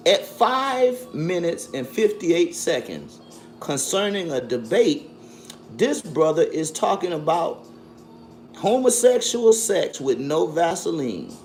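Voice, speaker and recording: A man's voice: a little high, very animated, slow pace, faint music behind. Profane man ranting on stream. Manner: loud, profane, mocking, with frequent laughs. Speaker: livestream host. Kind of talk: combative livestream commentary.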